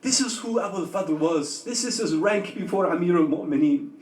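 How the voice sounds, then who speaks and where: A man's voice: sits high, animated, brisk, a little mellow, slight background noise. A man preaching a sermon, retelling a story with emotion and rhetorical questions, in a community hall. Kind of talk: sermon narration. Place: community religious center hall. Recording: roomy, distant mic in a hall.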